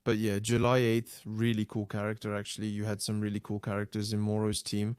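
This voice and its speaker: A man's voice: on the low side, completely flat delivery, brisk, a little mellow, clean tone, no room sound, studio quality. A man co-hosting a podcast in casual chat, easygoing, explaining things at length. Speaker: podcast co-host.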